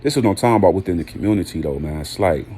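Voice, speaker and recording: Blunt, low-voiced man ranting hard. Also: animated, rapid-fire, dark tone, slight background noise. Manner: preachy, blunt, swears a lot, slangy; emphatic repetition of short phrases. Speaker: vlogger. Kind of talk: heated monologue.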